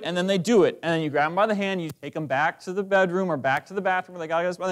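Fired-up preacher guy in church, highish voice, reading bible verses. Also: expressive, racing, hardly any pauses. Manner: fervent preaching, reads King James verses aloud. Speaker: pastor. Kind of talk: sermon. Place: church sanctuary.

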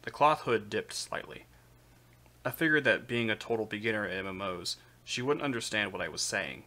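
明るい声で小説を朗読する男性. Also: male voice, lowish voice, moderate pace. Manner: steady narration with occasional slips. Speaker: streamer reading aloud. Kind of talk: live reading of a light novel.

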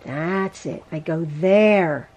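A woman teaching a quilting lesson in her home sewing room, chatty and quick to laugh at and correct her own mistakes. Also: low-pitched, a little mellow. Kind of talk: casual sewing tutorial.

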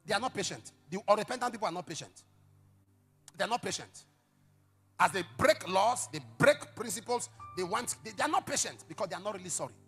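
A middle-aged male pastor preaching a sermon, telling stories dramatically with sudden shouts and hushed asides. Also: high-pitched, lively intonation, fairly quick, slightly rough, faint music behind. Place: church service.

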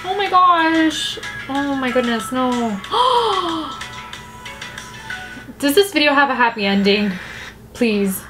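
A woman's voice: sits high, a little slow, poor audio. A woman hosting a music video reaction vlog, full of gasps and emotional exclamations. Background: music video playing.

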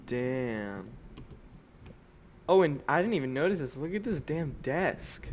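A man's voice: medium pitch, very animated, slow, long pauses, a little hiss or hum. A young man commentating a horror game playthrough, who swears constantly, gets startled easily and drops to whispers when scared. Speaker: gamer. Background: game music.

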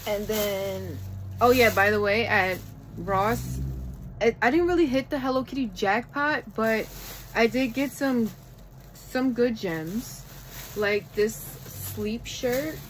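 A woman vlogging a shopping haul from home in casual chat, gushing and excitable over each item. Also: fairly high pitch, slow, a little hiss or hum, rough recording. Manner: gushing, excitable, repeats "oh my goodness".

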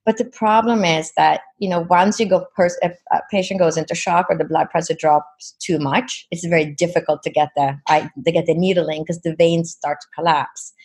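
A woman's voice: lowish voice, fairly even intonation, normal speed, few pauses, darkish tone. A woman guest in an interview, earnestly retelling a personal experience with many "you know"s. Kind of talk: personal storytelling.

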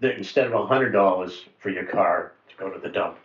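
A man on a committee tells a rambling story and slips in dry jokes. His voice is low and sounds roomy. The recording is dull and lo-fi. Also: a little fast. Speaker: committee member. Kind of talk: meeting discussion. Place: meeting room. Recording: roomy, dull lo-fi meeting audio.

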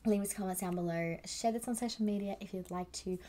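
In a laid-back vlog, a young woman reacts to a music video, gushing with excitement, repeating herself a lot and swearing offhandedly. Her voice is medium-pitched and she speaks quickly.

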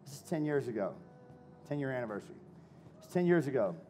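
A man's voice: medium pitch, lively intonation, fast, a little mellow, faint music behind. A man giving a live cooking demo to a crowd, brash and joking, swearing freely and hyping people up.

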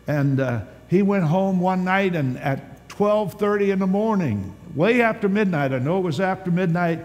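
A man preaching a sermon as a pastor at a church conference, telling stories with animated swings from loud to hushed. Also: high voice, moderate pace. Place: large church hall at a conference. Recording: long hall reverb, faint background hiss.

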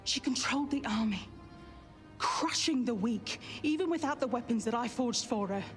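A woman's voice: fairly high pitch, animated, close to an everyday voice. A woman playing a mocking old fantasy woman. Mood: scornful. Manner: slow, mocking, theatrical. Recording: game audio with clear music behind.

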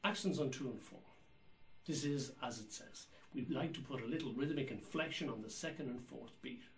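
A man's voice: medium pitch, normal speed, low-quality recording. A man teaching jazz rhythm, explaining patiently and counting beats and scatting rhythms aloud. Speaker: drum teacher. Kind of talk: instructional explanation.

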